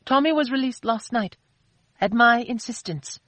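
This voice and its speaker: A proud, fiery young woman, as a woman reader puts her on, speaking up high and clipped. She answers back with sharp indignation, in a dry, close audiobook read. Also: normal speed, no room sound, lightly acted, rough recording. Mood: angry. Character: spirited young woman, defiant and quick-tempered.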